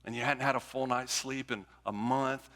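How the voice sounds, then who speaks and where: A man's voice: medium pitch, steady tone, normal speed, pushed and bright. A male pastor preaching a conversational sermon, repeating phrases and restarting as he builds his points. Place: church sanctuary. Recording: long church hall reverb.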